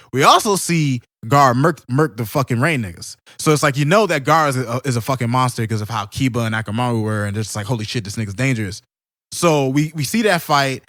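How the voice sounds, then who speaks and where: A young man co-hosting a casual anime podcast, telling stories excitedly with lots of slang and swearing. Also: medium pitch, no echo, studio quality. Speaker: podcast co-host. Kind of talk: casual chat.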